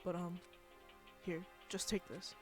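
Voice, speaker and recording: Streamer voicing a gentle awkward classmate, soft hesitant voice, faint music behind. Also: mid-range voice, little pitch movement, slow, lightly acted.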